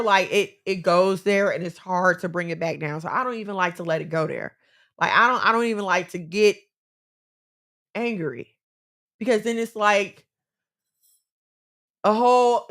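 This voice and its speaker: A woman's voice: medium pitch, fairly bright tone. A woman co-hosting a casual chat, giving earnest, faith-based relationship advice and repeating phrases for emphasis.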